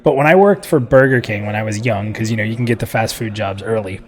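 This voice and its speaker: A man's voice: on the low side, fast. A man hosting a live stream show in casual chat, joking and chatty, laughing often.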